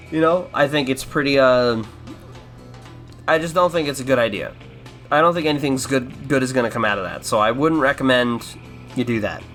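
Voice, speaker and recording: A man's voice: mid-range voice, moderate pace, pauses often, fairly bright tone, soft background music. A man with an American accent hosting a casual commentary podcast, rambling and sarcastic, swearing a lot and restarting his sentences. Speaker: podcast host.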